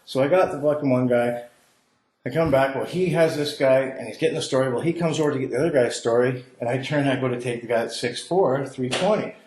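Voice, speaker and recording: A man guest on a podcast, telling a story in a profane, animated way. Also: medium pitch, a little fast. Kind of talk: casual storytelling. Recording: roomy with faint noise.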